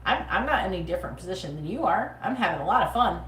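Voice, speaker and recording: Talking fast with hardly a pause, this psychic livestream host gives a live tarot reading in a sassy, blunt, foul-mouthed, casual manner. Her mid-range voice has lively intonation and a fairly bright tone, picked up by a distant mic in an echoey room along with some hiss or hum.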